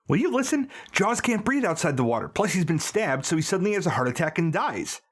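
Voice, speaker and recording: A man's voice: fairly high pitch, fast. A man in his early forties co-hosting a comedy movie podcast, spinning absurd gross-out bits. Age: early 40s. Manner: spins absurd gross-out bits, pushy and animated. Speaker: podcast co-host.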